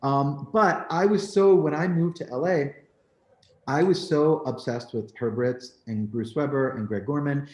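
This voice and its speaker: Animated storytelling man, roomy sound. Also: on the high side, measured pace. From New Jersey, US. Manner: animated and candid, with frequent "like" and "you know". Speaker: photographer. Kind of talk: storytelling in a conversation. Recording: roomy echo.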